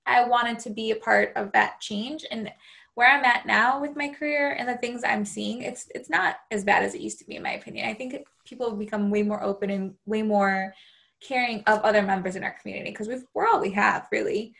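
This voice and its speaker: A woman's voice: on the high side, steady tone, a little fast, vocal fry, fairly bright tone. A woman hosting a podcast interview, chatting earnestly with many fillers. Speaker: podcast host. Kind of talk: casual interview chat.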